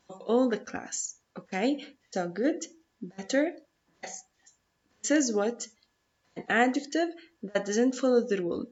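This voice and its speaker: A woman's voice: mid-range voice, dull audio. A woman whose first language is Arabic, teaching an English grammar lesson patiently, repeating rules and checking in with "okay?".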